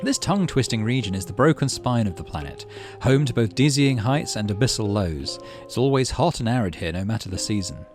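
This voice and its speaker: A man's voice: on the low side, lively intonation, a little fast, few pauses, a little mellow, soft background music. A man hosting a game playthrough, reading the game's text aloud and thinking through choices. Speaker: gaming channel host.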